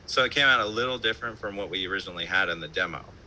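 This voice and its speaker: Calling in from his home for an interview, a band musician talks very fast in a somewhat low, piercingly bright voice. His stories wander, crammed with fillers, laughter and offhand swearing. The audio is poor, with a faint hiss under the stream.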